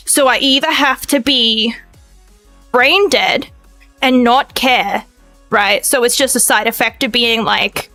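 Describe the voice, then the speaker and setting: A young adult woman streaming in casual chat, excitable and emotive, talking loud and fast with big swings in pitch. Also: dry recording, soft background music.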